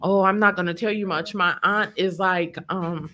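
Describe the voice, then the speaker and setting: A woman's voice: lowish voice, fairly even intonation, normal speed, sharp tone. A woman telling a personal story in an emotional, vivid way, acting out what people said. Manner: vivid storyteller who acts out quotes. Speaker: podcast guest telling her story.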